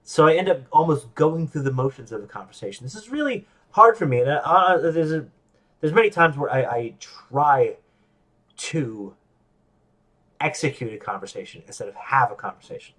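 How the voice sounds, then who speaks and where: A man's voice: mid-range voice, moderate pace. Rambling, self-deprecating male podcast host. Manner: animated, acts out quoted voices. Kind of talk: casual solo monologue.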